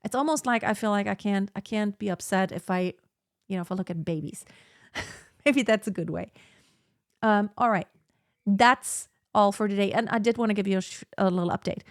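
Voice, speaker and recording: A woman hosting a podcast works through advice in a relaxed, reflective style, using "like" over and over. Her voice is mid-range and her pace moderate, recorded in studio quality without echo.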